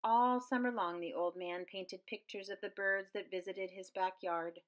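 A woman reading a children's picture book aloud with very expressive swings in pitch and loudness. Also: normal speed. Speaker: storyteller.

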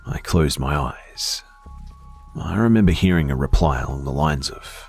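Man, very deep voice, husky, hushed dramatic horror narration, drops to whispers. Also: measured pace, faint music behind. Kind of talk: scripted first-person horror narration.

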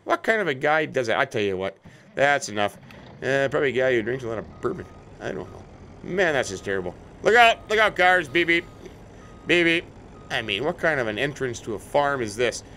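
With lively intonation and a brisk, slightly bright mid-range voice, this middle-aged American let's play host riffs on a farming game and role-plays with companions who aren't there. A little hiss or hum sits on the recording, along with faint vehicle sounds from the game.

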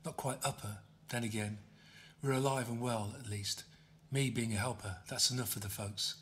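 A man voicing a tough, secretive young woman who speaks curtly and often in a hushed whisper. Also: medium pitch, fairly even intonation, moderate pace, a little hiss or hum, natural voice.

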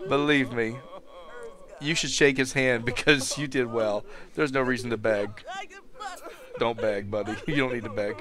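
A man's voice: medium pitch, steady tone, a little slow, a crowd in the background. Chatty man narrating a life-sim game. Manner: chatty, talks to his game characters, laughs often. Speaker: let's play host. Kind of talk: casual gameplay commentary. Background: game music.

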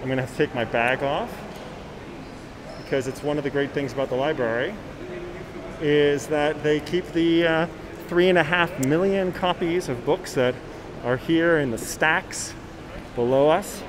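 A man's voice: on the high side, fairly even intonation, a little slow, long pauses, background noise. A man giving a live-streamed walking tour as a guide, talking casually and reading viewer comments aloud while he walks. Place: inside a library, then outdoors on a city street.

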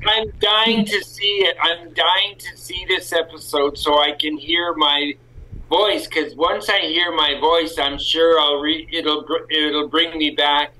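Slow-talking Canadian man, very bright tone. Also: fairly high pitch, steady tone, rough recording. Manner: rambling, self-correcting, candid. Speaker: guest actor. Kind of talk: casual podcast interview.

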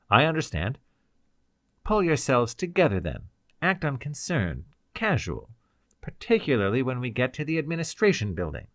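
A man's voice: mid-range voice, fairly bright tone, dry recording, studio quality, voice pushed up. A male reader voicing a brusque senior scientist in an audiobook, giving clipped, emphatic orders. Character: brusque senior scientist, commanding, secretly villainous.

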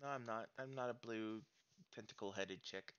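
An American man chats casually at the end of a stream, rambling, with many fillers and restarts. His voice sits a little low but has a bright, forward edge. The audio is dull and lo-fi. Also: moderate pace, clear, resonant tone. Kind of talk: casual stream outro chat.

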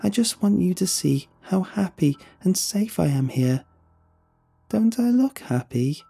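A man's voice: sits high, sing-song, measured pace, gravelly, mellow, slightly rough, faint music behind, pitched above the performer's own voice, full character voice. A man voicing a creepy little girl's voice worn by an inhuman thing, sing-song and drawn out. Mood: sinister. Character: creepy little girl voice of a skin-wearing thing.

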